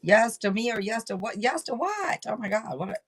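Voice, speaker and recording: A woman hosting a live tarot reading stream, talking in an excitable, rambling way and swearing casually. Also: a little high, a little fast, slightly rough, faint music behind, low-quality recording.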